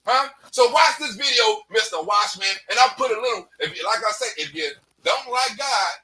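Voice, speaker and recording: A man with a very high, piercing voice delivers a heated, unscripted rant to his channel's viewers. He often shouts, swears freely and keeps firing a tag question at the listener. He sits some distance back from the mic. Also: expressive, moderate pace, a little hiss or hum. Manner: profane and blunt. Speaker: comedian and YouTuber. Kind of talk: preachy unscripted rant to camera.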